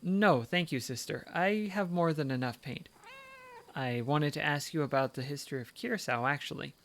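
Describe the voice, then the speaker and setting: A man's voice: fairly high pitch, moderate pace, a bit bright. A polite young woman painter asks her questions earnestly, as a man reads her lines. The voice stays close to an everyday speaking voice. A faint hiss runs underneath. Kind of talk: reading game dialogue aloud.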